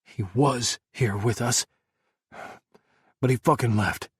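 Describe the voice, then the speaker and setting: A man's voice: mid-range voice, slow pace, husky, no echo, clean studio sound. A man voicing a distraught soldier who curses bluntly. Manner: cursing, blunt. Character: foul-mouthed male soldier, distraught. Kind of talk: audiobook character voice.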